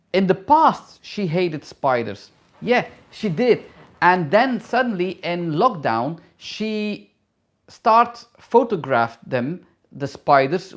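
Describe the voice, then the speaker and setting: A middle-aged man, a travel vlogger and hairdresser, reads viewer questions aloud in a live Q&A and answers in halting, non-native English with many fillers. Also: high voice. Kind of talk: live Q&A, casual chat.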